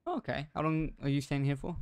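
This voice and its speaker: A man chatting loosely over a video game, narrating his moves and swearing now and then. His voice is smooth and clean. It is recorded dry and close, with no room sound. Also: fairly high pitch, steady tone, fast talker, no room sound. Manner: laid-back, swearing, thinks aloud while playing. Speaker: gameplay host. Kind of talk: casual let's-play chat.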